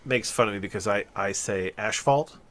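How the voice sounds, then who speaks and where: Bright-voiced man in rambling chat. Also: lowish voice, fairly even intonation, fairly quick. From New Jersey. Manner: rambling, self-interrupting, laughs often. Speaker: podcast co-host. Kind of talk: casual chat.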